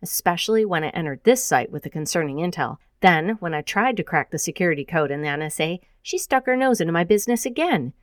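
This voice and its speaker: A woman's voice: fairly low pitch, lively intonation, fast talker, hardly any pauses, no echo, studio quality, lightly acted. A woman voicing a wry, grumbling young female graduate student who hacks.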